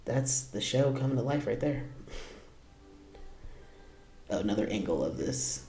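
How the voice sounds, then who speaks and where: A man's voice: medium pitch, expressive, measured pace, long pauses, warm tone, reverberant, faint music behind. A man hosting a casual reaction video, laughing often and tossing out playful asides.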